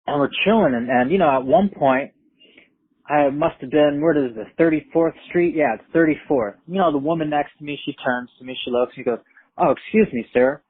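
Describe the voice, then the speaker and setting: A man telling a story in a profane, streetwise, animated way. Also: on the high side, brisk, husky, no room sound. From Brooklyn, New York. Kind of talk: casual spoken storytelling. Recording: tinny phone-like line, dry.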